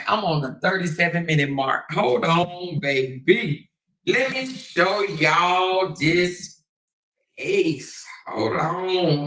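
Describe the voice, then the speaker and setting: A woman's voice: lowish voice, a bit bright. A woman hosting a livestream, commenting on clips in a teasing, profane way with frequent laughter. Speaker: host.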